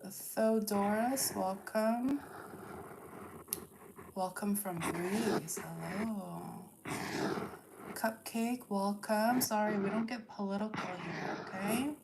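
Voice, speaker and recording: With some background noise behind her mid-range voice, a woman hosts a tarot livestream. She reads viewer comments aloud at a slow, deliberate pace and is firm about the chat rules.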